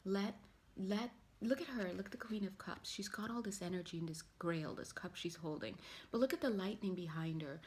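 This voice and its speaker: Woman chatting through a tarot reading, rambly, jokey little asides, mid pitch. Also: fairly quick, slight background noise. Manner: rambling and chatty, with playful asides and acted-out quotes. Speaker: tarot reader. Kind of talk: casual spiritual tarot reading.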